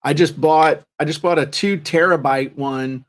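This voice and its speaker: A man's voice: on the high side, fairly even intonation, measured pace. A man co-hosting a podcast, talking in a chatty, joking, self-deprecating way. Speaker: podcast co-host. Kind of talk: casual chat.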